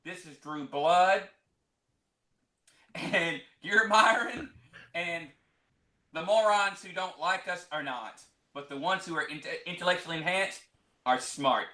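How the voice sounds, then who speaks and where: Boastful high-voiced man in an echoey room. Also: slow pace, pauses often, sharp tone. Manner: boastful, grandiose. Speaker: wrestling manager guest. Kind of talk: pompous in-character shoot interview. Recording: roomy echo.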